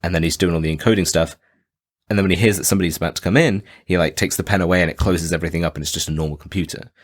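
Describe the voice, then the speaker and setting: A man co-hosting a podcast in casual chat about a film, animated and jokey. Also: low-pitched, rapid-fire. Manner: animated, jokey, quotes characters in silly voices. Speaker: podcast co-host.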